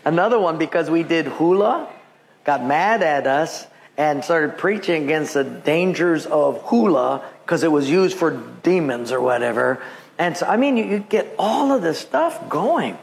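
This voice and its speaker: A middle-aged man from Hawaii, preaching as pastor in a lively storytelling sermon and acting out the voices of the people in his stories. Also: a little high, unhurried, gravelly. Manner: animated, acts out quoted voices, laughs through his stories. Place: church sanctuary. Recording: reverberant church hall with faint ambience.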